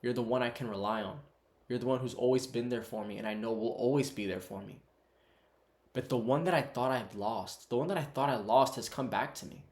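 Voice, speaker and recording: A man voicing a gentle, loving king father who speaks softly and reassuringly. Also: mid-range voice, brisk, roomy sound, natural voice. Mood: tender.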